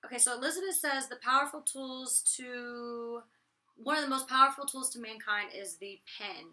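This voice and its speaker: A young woman with a raspy voice and a very sharp, tense tone, pitched a little high. She talks in a chatty, blunt vlog style, slangy and loose with mild cursing. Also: moderate pace. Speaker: reality TV personality reviewing her episode. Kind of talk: casual vlog commentary.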